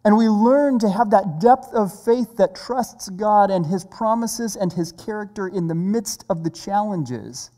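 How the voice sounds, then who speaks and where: A preacher giving a sermon in a measured, earnest way. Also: mid-range voice, mellow. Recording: long reverb of a large hall.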